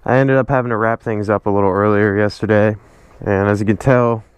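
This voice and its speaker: Laid-back low-voiced guy vlogging. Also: fairly even intonation, a little fast, clean tone, dry recording. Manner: laid-back, slangy talk to the viewers. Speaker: motorcycle vlogger. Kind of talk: casual shop vlog narration. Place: home garage workshop.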